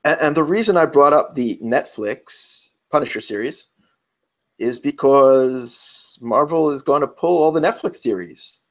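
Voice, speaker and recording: Chatty New York podcast co-host. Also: male voice, on the high side, lively intonation, normal speed, fairly bright tone. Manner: chatty, rambling, self-interrupting. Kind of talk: casual round-table chat.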